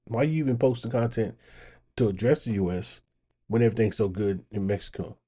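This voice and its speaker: Mellow-voiced man commenting on clips. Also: on the low side, fairly quick, breathy edge. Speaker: channel host reacting to clips. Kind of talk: casual commentary.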